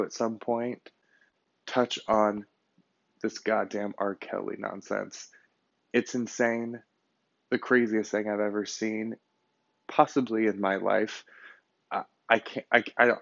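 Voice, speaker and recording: A man hosting his own podcast alone, chatting casually and bluntly with lots of swearing, speeding up and slowing down for emphasis. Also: lowish voice, gravelly, dry recording, dull audio. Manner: animated, blunt and profane, swings between fast bursts and slow emphasis. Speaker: podcast host. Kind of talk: casual solo podcast chat.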